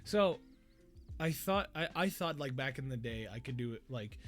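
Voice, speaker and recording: A man's voice: medium pitch, expressive, normal speed, soft background music. A man hosting a podcast in casual chat, laughing often and explaining things at length with many restarts. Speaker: podcast host.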